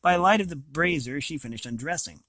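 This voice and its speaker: A man's voice: fairly high pitch, lively intonation, fairly quick, sharp tone, no room sound. A man reading a novel aloud, with occasional slips and restarts. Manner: reads with small slips and restarts. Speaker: reader of an audiobook.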